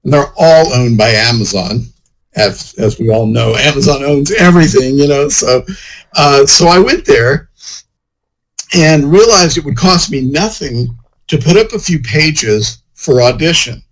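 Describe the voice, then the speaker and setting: A man's voice: medium pitch, expressive, a little slow, poor audio. A man, an author, chatting casually in an interview, rambling and full of "you know" fillers. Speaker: author and guest.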